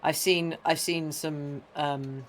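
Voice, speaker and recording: Lively, higher-voiced man chatting casually. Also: takes it slowly, slight background noise. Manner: animated storyteller who acts out quoted people. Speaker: co-host and trumpet player. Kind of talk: casual chat on a live stream.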